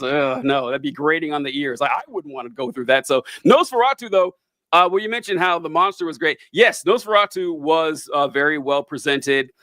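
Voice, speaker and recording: A man's voice: on the high side, bright, forceful tone, clear, resonant tone, no room sound. A young man co-hosting a podcast, chatting casually and wryly about a movie, rambling and interrupting himself. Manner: rambling, self-interrupting, wry. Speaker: podcast co-host. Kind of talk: casual movie review chat.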